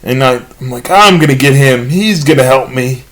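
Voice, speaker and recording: A man telling a self-deprecating comedy monologue, halting with many pauses and fillers. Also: medium pitch, poor audio. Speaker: amateur comedian.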